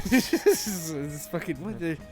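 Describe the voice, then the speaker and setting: A man's voice: a little high, expressive, takes it slowly, faint music behind. A young man from Florida co-hosting a podcast, chatting casually, crude and joking, laughing often. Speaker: podcast co-host. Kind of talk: casual chat.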